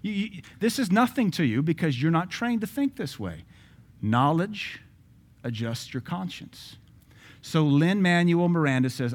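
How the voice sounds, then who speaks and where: A man's voice: a little high, sing-song, a little slow. A man giving opinionated social commentary from a Christian view, speaking emphatically with many repeated rhetorical questions.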